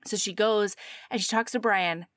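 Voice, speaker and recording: A woman co-hosting a casual chat, giggly and animated as she recaps a story and playfully voices its characters. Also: medium pitch, moderate pace, dry recording, studio quality. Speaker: podcast co-host.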